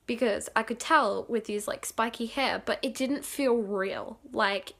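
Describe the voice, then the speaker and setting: Giggly, excitable young woman telling a story. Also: fairly high pitch, unhurried. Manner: excitable, giggly, acts out quotes with bursts of loudness; rambling with many fillers and restarts. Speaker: vlogger. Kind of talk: casual storytime.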